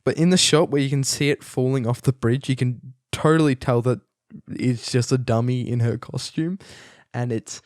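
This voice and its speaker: A man's voice: medium pitch, steady tone, normal speed, a little mellow, no echo, studio quality. Chatty young man reviewing a film. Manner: chatty, many fillers and restarts, amused. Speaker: podcast host reviewing a film. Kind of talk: casual rambling review.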